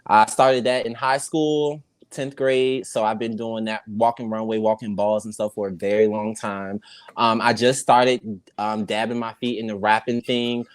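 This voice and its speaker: A man's voice: on the low side, flat delivery, normal speed, smooth, dry recording. A young man from the DMV area of the US, a podcast guest speaking articulately and upbeat in casual chat.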